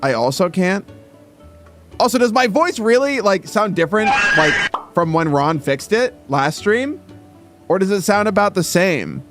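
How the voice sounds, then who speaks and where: A man's voice: high voice, very animated, a little slow, music in the background. A man chatting casually on his livestream, stammering through restarts and swearing as he talks. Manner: thinks aloud while adjusting his mic sound. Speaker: streamer.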